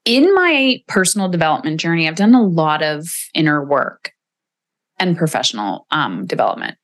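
Candid, emotional woman podcaster, lowish voice. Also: big pitch swings, normal speed. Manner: candid, emotional, swears casually. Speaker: podcast host. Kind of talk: solo podcast reflection.

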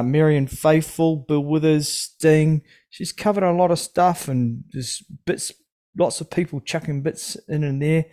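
Rambling male podcast host, slightly high. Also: darkish tone. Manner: rambling, hesitant, friendly. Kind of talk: casual chat.

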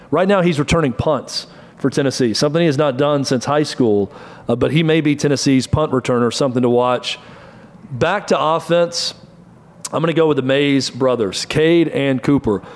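A slightly mellow, medium-pitched male voice belongs to a middle-aged sports talk host. He analyzes college football briskly, reeling off stats in short bursts.

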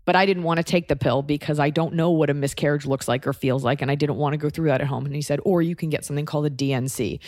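A woman's voice: deep voice, steady tone, quick pace, few pauses, a little mellow, no room sound, clean studio sound. A woman telling a personal story in a candid, wry, conversational way.

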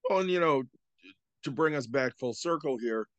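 A man's voice: mid-range voice, lively intonation, moderate pace, dry recording. A man in casual podcast chat who steers the talk with short prompts and questions.

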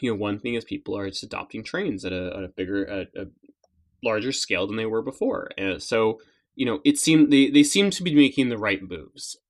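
A man co-hosting a podcast, speaking casually with many fillers and repeated words. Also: lowish voice. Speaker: podcast co-host. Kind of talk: casual chat.

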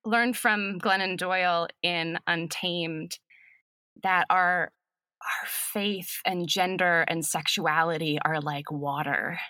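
A woman speaking as an acting professor guest in a reflective podcast conversation, thoughtful and unhurried, with soft laughs. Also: on the low side, no room sound.

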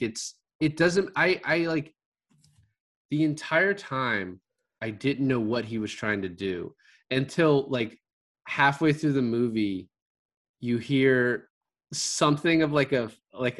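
A podcast co-host chats casually about a movie he watched, rambling with lots of fillers and restarts and laughing often. His mid-range voice has a fairly bright tone.

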